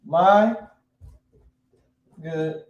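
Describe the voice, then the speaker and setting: A man's voice: fairly high pitch, drawn-out words, dull audio. A man teaching a class in a casual, slangy way, quizzing his students. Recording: echoey room.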